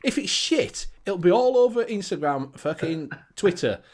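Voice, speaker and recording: A man hosting a casual livestream chat show, energetic, laughing and swearing freely. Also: high voice, moderate pace. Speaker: show host.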